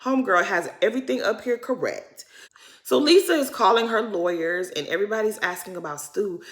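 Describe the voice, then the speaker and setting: A woman's voice: mid-range voice, lively intonation, fairly quick. Chatty, slangy woman recapping reality TV. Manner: chatty, slangy and dramatic, addressing viewers as "y'all". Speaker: recap vlogger.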